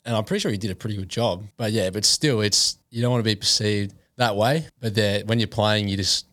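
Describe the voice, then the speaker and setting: A young man as a podcast guest, answering in a laid-back, measured way. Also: lowish voice, fairly bright tone, no room sound. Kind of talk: casual chat.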